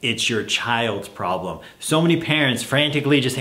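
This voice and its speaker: A man coaching parents on letting children solve their own problems, relaxed and laughing often as he acts out parent and child talking. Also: mid-range voice, unhurried, hardly any pauses, reverberant. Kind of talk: advice talk to camera.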